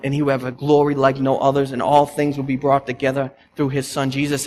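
A man in his thirties, a pastor giving a conversational sermon, telling stories with lively, animated asides. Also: mid-range voice. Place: church sanctuary. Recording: long church reverb, faint background noise.

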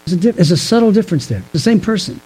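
A man with a fairly high, mellow voice teaches from scripture in a sermon. He talks in a measured, explanatory way and puts rhetorical questions to his listeners. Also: very animated, slightly rough, rough recording. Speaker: pastor.

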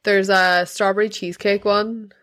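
A woman's voice: medium pitch, flat delivery, moderate pace, a bit bright. A young woman, hosting a podcast in casual chat, teasing her co-host and laughing easily.

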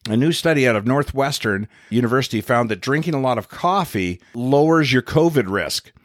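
A man's voice: mid-range voice, brisk, dry recording. Middle-aged guy host, swears a lot, wry, voice jumps all over, dry close mic. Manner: profane, wry, animated storyteller. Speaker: podcast host and comedian. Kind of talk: casual storytelling chat.

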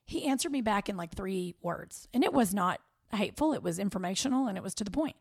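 A woman with a Southern American accent co-hosting a podcast in candid, animated chat. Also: mid-range voice, quick pace, slightly rough, no echo, studio quality. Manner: animated, chatty, with playful quoted voices. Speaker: podcast co-host.

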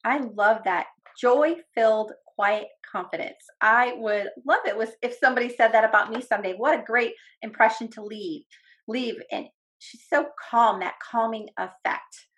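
Woman podcast host, warm and enthusiastic, higher-pitched voice. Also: moderate pace. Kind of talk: casual podcast chat.

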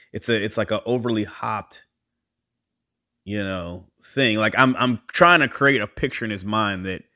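This podcast host, a man with a lowish voice, tells stories in a lively, casual monologue. He is animated and acts out the voices he quotes with big jumps in pitch.

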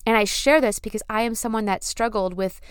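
A woman's voice: on the high side, a little fast, clear, resonant tone, no echo, studio quality. A young adult woman hosting her own podcast, talking in a casual, earnest, effusive way and repeating phrases for emphasis. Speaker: podcast host. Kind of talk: casual spiritual podcast monologue.

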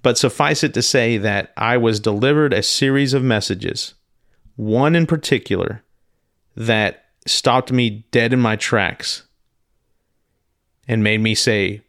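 A man hosting a personal storytelling podcast, talking in a halting, earnest way with many restarts and repeated words. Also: lowish voice, a bit bright, dry recording, clean studio sound. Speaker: podcast host.

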